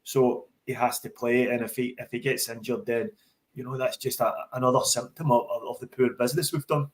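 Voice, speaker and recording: A man's voice: mid-range voice, little pitch movement, fairly quick. A man talking football on a podcast with emphatic conviction. He often doubles up words as he restarts his sentences. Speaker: podcast co-host. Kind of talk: casual football chat.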